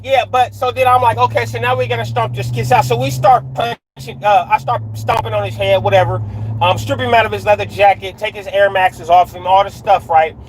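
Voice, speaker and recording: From a car on a dark nighttime road, a man with a high-sitting, fairly even voice livestreams at a moderate pace, narrating a story in street slang. He checks in with viewers, greeting them mid-story and often adding "right?"; the low-quality audio has a little hiss or hum.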